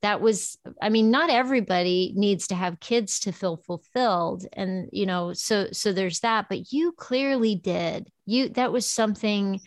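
A woman's voice: medium pitch, a little slow, hardly any pauses, dry recording, studio quality. A woman hosting a podcast, interviewing a guest and then summing up, encouraging and enthusiastic. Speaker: podcast host. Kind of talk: interview and host wrap-up.

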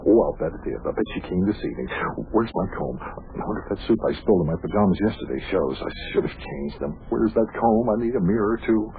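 A man's voice: on the low side, wildly swooping pitch, quick pace, gravelly, exaggerated voice. An actor playing a flustered bedridden young man protesting to his visitors, on an old radio show. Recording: tinny old radio broadcast with faint hiss.

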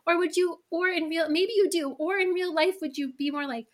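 High-voiced chatty woman. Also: fairly even intonation, fairly quick. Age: middle-aged. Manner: chatty, lots of "like" and asides. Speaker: guest, email copywriter. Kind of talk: casual podcast interview.

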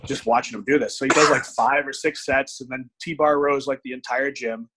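A man in his thirties telling a gym story in casual chat, animated, swearing often and acting out what people said. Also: mid-range voice, fairly quick, few pauses, slight background noise, low-quality recording. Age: 30s. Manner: animated storyteller, frequent profanity, acts out quotes.

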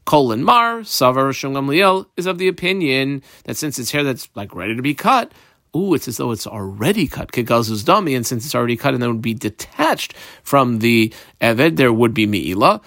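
A man's voice: mid-range voice, animated, normal speed, fairly bright tone, dry recording, studio quality. A man teaching the daily Talmud page, translating Aramaic phrases line by line and guiding listeners in marking their page. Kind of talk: daily page study lesson.

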